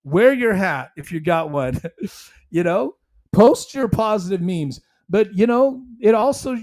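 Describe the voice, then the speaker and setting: A male podcast host with a high, darkish voice hosts a solo commentary podcast, talking emphatically in a rambling, conversational way.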